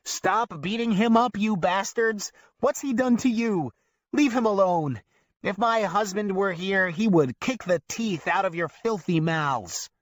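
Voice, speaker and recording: A man's voice: high voice, measured pace, dry recording, studio quality, voice pushed up. A man doing a shrieking, frantic old grandma. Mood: screaming. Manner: screaming, frantic.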